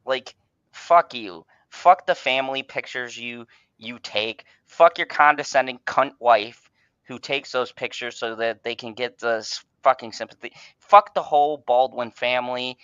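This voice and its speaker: Ranting casually on his online fan podcast, the man curses heavily, stammers and restarts, speaking at a moderate pace with fairly even intonation. His voice is mid-range, a bit bright and clean, recorded dry and dull on a home mic with no room sound.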